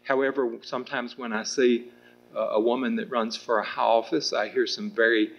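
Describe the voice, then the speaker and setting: A man's voice: medium pitch, level tone, normal speed, creaky, dull audio. A middle-aged man answering at a public political debate, rambling with restarts and fillers. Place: public meeting room with audience.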